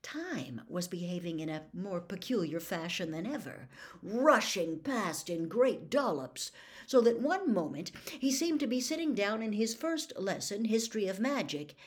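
A woman reading a novel aloud as a storyteller, with expressive, dramatic narration. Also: medium pitch, a little slow.

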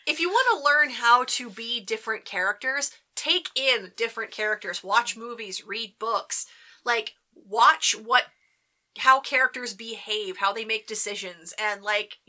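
Chatty woman voice actor, super bright voice, kinda high, talks in loops. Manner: chatty, rambling with quick restarts. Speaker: voice actor guest. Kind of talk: casual chat.

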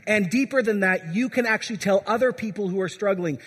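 A man's voice: sits high, a little fast, fairly bright tone, husky. A man preaching a sermon as pastor, urging his congregation and asking them questions. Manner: exhorting, asks the congregation questions. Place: church. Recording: long church reverb.

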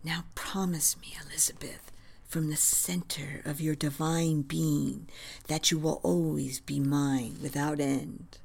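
A woman's voice: low voice, flat delivery, slow pace, gravelly, darkish tone, full character voice. A woman reading the lines of a devoted male general in love, earnest and reverent in manner. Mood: hushed.

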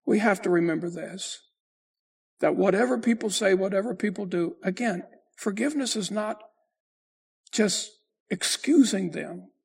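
Raspy high-voiced preaching pastor. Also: male voice. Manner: preaching with emphatic rises and slow drawn-out phrases. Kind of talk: sermon.

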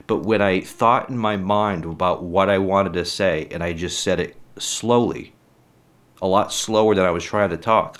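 A middle-aged man telling personal stories in a casual, rambling, frank way, often saying "literally.". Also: deep voice. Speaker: storyteller.

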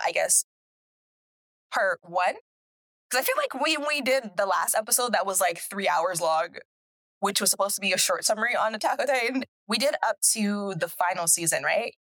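A woman's voice: medium pitch, a bit bright, no room sound. Woman cohost chatting casual, laughs a lot, dry close mic. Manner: chatty, laughs often, trails off mid-thought. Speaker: podcast co-host. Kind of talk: casual chat.

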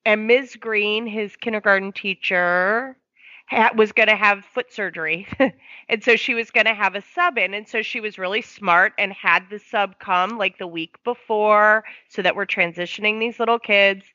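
Bright-voiced woman telling a lively story. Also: medium pitch, normal speed, dry recording, muffled recording. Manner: lively, acts out quoted dialogue. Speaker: foster parent telling a story. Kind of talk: conversational storytelling.

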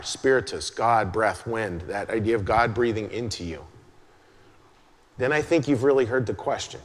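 A man preaching a sermon as a pastor, chatty and conversational, dropping into a soft hush to stress a point. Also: fairly low pitch. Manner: conversational, drops to a hush for emphasis. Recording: long hall reverb.

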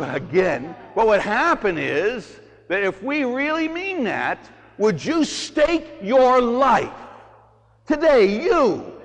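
Animated preaching priest in a reverberant church. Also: male voice, sits high. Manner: animated preaching, swinging from loud urging to hushed. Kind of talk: sermon.

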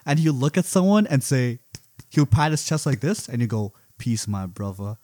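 A man co-hosting a podcast in casual chat, joking and mocking himself as he tells animated stories. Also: fairly high pitch, normal speed, no echo, clean studio sound. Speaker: podcast co-host.

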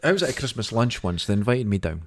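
A man's voice: on the low side, fast talker. A Scottish man co-hosting a podcast, telling anecdotes in casual chat and acting out the voices of the people in them. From Scotland. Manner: animated anecdote teller, acts out quoted voices. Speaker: podcast co-host.

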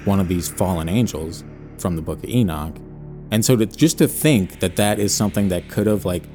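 A man's voice: deep voice, dark tone. A man co-hosting a podcast, telling a personal story in a rambling casual way full of fillers. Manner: rambling, hedging with many fillers. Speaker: podcast co-host.

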